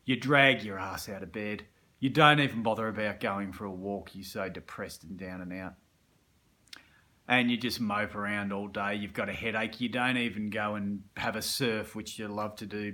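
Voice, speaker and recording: A man's voice: lowish voice, fairly even intonation, normal speed, sharp tone. An Australian man coaching on self-improvement through colloquial, vivid storytelling, acting out scenes as he goes. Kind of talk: motivational storytelling.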